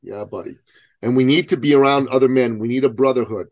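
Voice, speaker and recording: A man's voice: mid-range voice, fast talker, a little mellow, no echo. A man in his forties talking bluntly and emphatically, with frequent swearing, in a casual podcast conversation over a video call. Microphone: remote video call.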